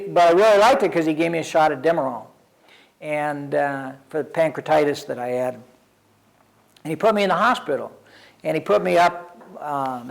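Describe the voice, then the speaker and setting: An older man who works as an addiction counselor tells his own recovery story with wry, self-deprecating humor in a conversational way. His voice is high and creaky, and the recording is low quality.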